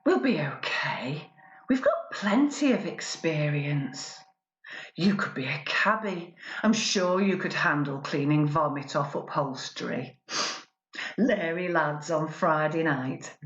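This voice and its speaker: A woman's voice: low voice, expressive, takes it slowly, reverberant, muffled recording, voice pushed down. A woman performing a spoken word poem as a pampered newlywed woman who imagines being poor, sardonic and mock-cheerful.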